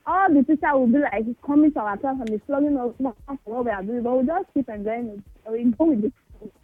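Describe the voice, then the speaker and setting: A woman with a Nigerian accent calling into a radio show, speaking softly with a giggle. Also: fairly high pitch, fast, slightly rough, no room sound. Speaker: caller. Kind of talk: phone-in chat. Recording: tinny phone line.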